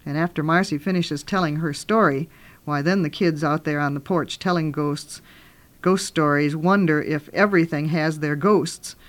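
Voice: mid-range voice, steady tone, normal speed. An author reading from their own book aloud and retelling the story in a homey, conversational way.

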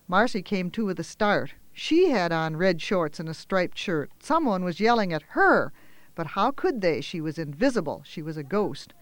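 High-voiced man reading a story. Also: moderate pace, no echo. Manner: gentle, expressive storytelling with small fillers. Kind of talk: reading a children's story aloud.

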